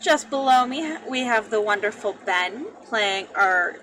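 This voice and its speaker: Slow-talking bright woman running a game. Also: medium pitch, animated, slight background noise, poor audio. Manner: unhurried, reassuring, repeats "it's fine". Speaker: game master. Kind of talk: casual tabletop game banter.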